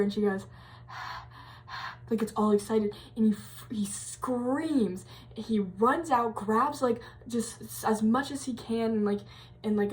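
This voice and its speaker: A young woman at college tells a creepy tale in a loose, rambling way, filling gaps with fillers and restarting her sentences. Her voice sits at an ordinary middle pitch. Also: a little mellow. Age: young adult. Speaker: college vlogger. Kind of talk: casual storytelling.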